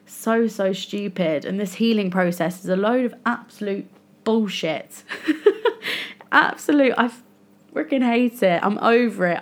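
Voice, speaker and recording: A young woman hosting a solo podcast, venting frankly and with frustration about her own choices. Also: medium pitch. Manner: frustrated, venting, self-critical. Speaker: podcast host. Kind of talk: candid solo podcast monologue.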